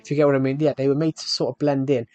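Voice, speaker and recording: A man's voice: medium pitch, little pitch movement, rapid-fire, warm tone, no echo, faint music behind. Rambling man chatting on a live stream. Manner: rambling, addresses viewers directly. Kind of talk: casual live-stream chat while gaming.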